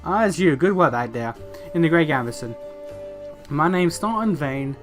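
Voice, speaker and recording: A man reading the lines of a weary, guilt-ridden old dwarf knight aloud, with frequent uh fillers and a slightly high voice. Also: lively intonation, normal speed, soft background music, natural voice.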